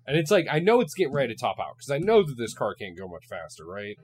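A young man hosts a loose, casual podcast. He talks with plenty of swearing and animated emphasis when telling a story. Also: mid-range voice, fast, slightly rough. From Ohio, USA. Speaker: podcast host.

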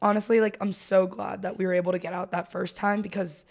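A young American woman co-hosts a podcast in casual conversation. Her mid-pitched voice moves easily, full of "like" and sentences that trail off as she recalls things. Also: fast talker, vocal fry. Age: young adult. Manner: relaxed, filler-heavy, trailing sentences. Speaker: podcast co-host. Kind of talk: casual chat.

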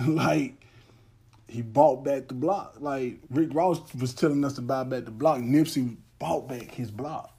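A man's voice: mid-range voice, measured pace, creaky, warm tone, husky. A young man hosting a podcast, telling a heartfelt story in a loose, earnest monologue that often restarts its sentences. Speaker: podcast host. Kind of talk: casual monologue.

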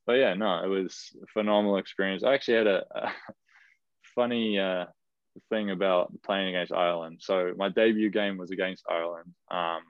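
A young man in his twenties with a New Zealand accent, telling stories as a guest in a casual interview, chatty and quick to laugh, heard over a video call. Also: low voice, fairly even intonation, smooth, no echo. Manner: chatty, laughs often, many fillers and restarts. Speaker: guest, professional footballer. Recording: dull lo-fi video call audio.

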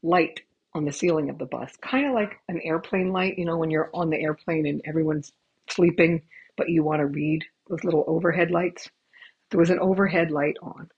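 A woman's voice: low voice, fairly even intonation, moderate pace, a little mellow, husky. A woman hosting a podcast from home with her cats, telling chatty, rambling, profane stories into a headphone mic that cuts in and out, in a dull lo-fi recording. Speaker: podcast host. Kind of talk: casual storytelling. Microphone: headphone mic cutting in and out.

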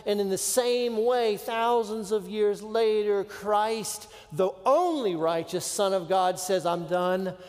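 A man preaching a sermon, with dramatic pauses and drops to a hushed voice. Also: high voice, long reverb tail. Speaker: pastor.

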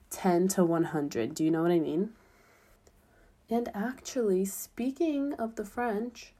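Chatty young woman, mellow voice. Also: mid-range voice. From United States. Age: young adult. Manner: chatty, filler-heavy, upbeat. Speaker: student abroad. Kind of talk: casual vlog chat.

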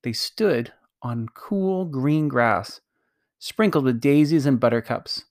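Male storybook reader, mid pitch, dry close mic, calm measured. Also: no echo. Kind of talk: storybook reading.

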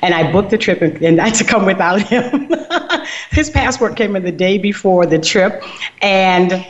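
A middle-aged woman hosting a podcast, chatting casually and telling lively stories with acted-out dialogue. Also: medium pitch, moderate pace, lo-fi sound. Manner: lively, chatty storyteller who acts out dialogue. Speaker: podcast host. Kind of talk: casual chat.

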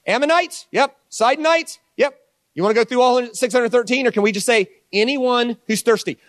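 A man preaching a sermon, telling stories with lively dialogue and playful asides. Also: sits high, no room sound. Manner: animated storytelling with mock voices. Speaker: pastor.

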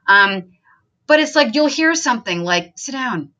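A woman's voice: on the high side, lively intonation, normal speed, sharp tone. A woman hosting a podcast, talking in an earnest, chatty self-help monologue with many fillers. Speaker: podcast host.

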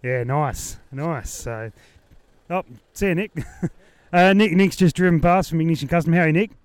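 A man's voice: a little high, moderate pace, clear, resonant tone, no room sound. A man hosting a podcast, joking and bantering with competitors at an outdoor shooting range. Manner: jokey, matey banter. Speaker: podcast host interviewing competitors. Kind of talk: casual on-site interviews.

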